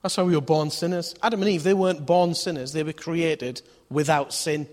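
Speaking briskly in a higher register, this man delivers a conversational sermon, posing questions to the congregation and performing character voices in his stories. A long hall reverb fills the recording.

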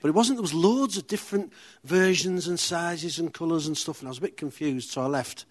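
A man's voice: fairly high pitch, a little fast. A man from Middlesbrough with a Teesside accent giving an informal sermon in a chatty, self-deprecating way, full of humorous anecdotes. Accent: Teesside English. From Middlesbrough, England. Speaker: church speaker.

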